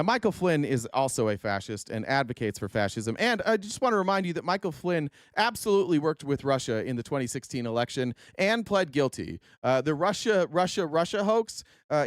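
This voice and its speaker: A man's voice: a little high, big pitch swings, a little fast, dry recording, studio quality. Sarcastic man reading chat on a livestream. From Utah. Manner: sarcastic, reads and answers chat comments. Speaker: livestream host. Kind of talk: casual political livestream commentary.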